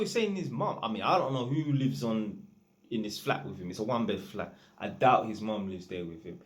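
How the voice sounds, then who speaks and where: A man's voice: lowish voice, lively intonation, normal speed. A man, an electrician, telling a work story in a chatty, rambling, slang-heavy way. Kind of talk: casual storytime monologue.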